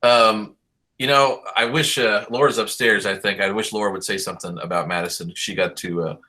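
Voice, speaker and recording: A man's voice: on the low side, fairly even intonation, brisk, sharp tone. A middle-aged man, a band director on a video call, praising his seniors in an upbeat, rambling way full of fillers. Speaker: high school band director.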